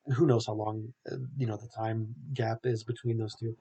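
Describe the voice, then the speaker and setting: A man's voice: fairly low pitch, little pitch movement, moderate pace, mellow, slightly rough. A young man hosting a podcast, recapping a film in a rambling, casual way full of filler words. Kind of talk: casual chat.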